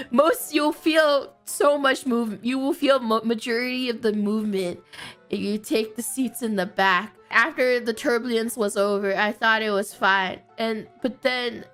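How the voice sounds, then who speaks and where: Young woman streamer rambling through a story, slow and animated, lots of laughing, faint music behind. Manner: animated, breaks into laughter, squeaky excited bursts. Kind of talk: casual storytelling on a live stream.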